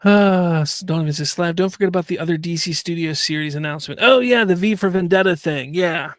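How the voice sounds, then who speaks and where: A man's voice: fairly high pitch, a little fast, no echo, studio quality. A man hosting a live-stream talk show, ranting in casual commentary and reading viewer chat aloud. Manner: animated, ranting, repeats himself.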